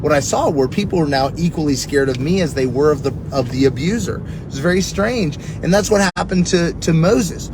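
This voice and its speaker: A man's voice: a little fast, hardly any pauses. A middle-aged man teaching earnestly on prayer, preaching in a conversational way and telling personal stories. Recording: steady rumbling background noise.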